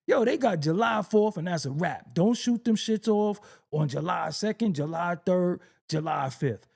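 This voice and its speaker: Gravelly, animated New man. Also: sits high, a little slow, hardly any pauses. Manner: animated storytelling, acts out exasperated voices, laughs often. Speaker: rapper talking on camera. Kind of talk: casual comedic monologue.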